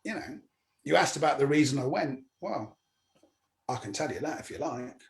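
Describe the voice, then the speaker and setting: A man's voice: mid-range voice, normal speed, creaky. A middle-aged man from Cornwall, a comedian telling anecdotes in an interview and acting out the voices of the people in his stories. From Cornwall, England. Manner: animated storyteller, acting out quoted voices. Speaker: guest comedian. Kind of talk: conversational anecdote.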